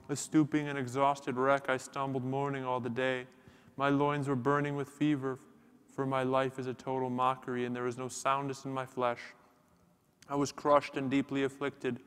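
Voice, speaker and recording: A man chants psalms at a church liturgy in a steady, unwavering monotone, his voice smooth and resonant at a middle pitch. After every phrase, the church's long reverb lingers.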